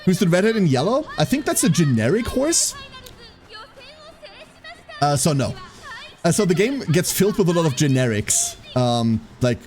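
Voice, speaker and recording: A man with a German accent, German native speaker, chatting casually on a gaming stream and cheering on races like an excited commentator. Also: a little high, normal speed, pauses often, faint music behind. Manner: chatty, excitable, jokey, slips into hyped race commentary.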